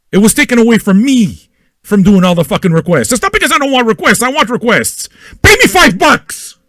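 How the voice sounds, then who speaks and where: A man hosting an independent online radio show, ranting crudely and loudly at his listeners and repeating himself as he goes. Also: high voice, no room sound, clean studio sound. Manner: loud, manic and crude, with yelling and repetition; talks straight at listeners with repeated questions. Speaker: internet radio host. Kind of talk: profane ranting monologue.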